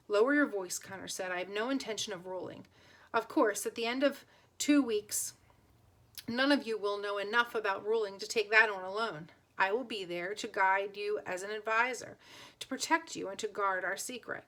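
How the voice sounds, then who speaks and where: Reading a novel aloud at a moderate pace, this audiobook narrator has a medium-pitched, sharp-toned voice. She voices the characters simply and now and then starts a word over.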